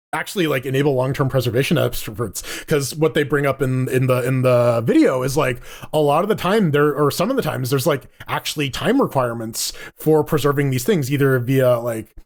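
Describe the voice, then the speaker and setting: A man co-hosting a casual gaming podcast, rambling along with frequent restarts and casual swearing. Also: medium pitch. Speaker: podcast co-host. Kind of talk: casual gaming news chat.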